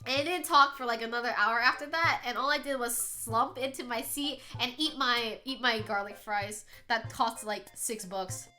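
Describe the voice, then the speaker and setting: A woman's voice: a little high, moderate pace, hardly any pauses, pushed and bright, faint music behind. A young adult woman streaming, chatting casually with viewers, laughing often and swearing freely.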